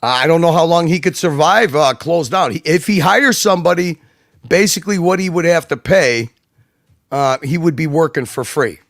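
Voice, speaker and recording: Guy guesting on a stream, goes on and on, kinda high for a man, dry close mic. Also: normal speed, a bit bright, no echo. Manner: rambling, emphatic, many restarts and asides. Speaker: guest commentator. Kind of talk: casual livestream chat.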